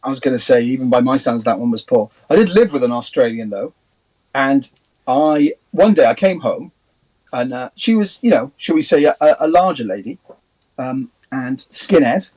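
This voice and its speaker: A man's voice: mid-range voice, animated, normal speed, a little mellow, rough recording. A man in a band co-hosting a casual livestream chat, joking and telling stories, often stumbling over and repeating words.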